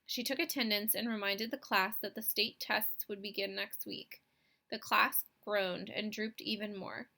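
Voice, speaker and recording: A woman narrating a children's novel in a clear, expressive reading voice. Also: mid-range voice, a little slow. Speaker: audiobook reader. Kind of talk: scripted storybook narration.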